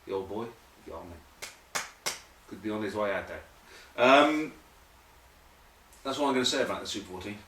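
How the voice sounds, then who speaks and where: A man's voice: lowish voice, lively intonation, moderate pace, pauses often, a bit bright, distant mic. A man hosting a comic rugby news monologue, rambling with jokey asides. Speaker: host. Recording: echoey room, voice off-mic.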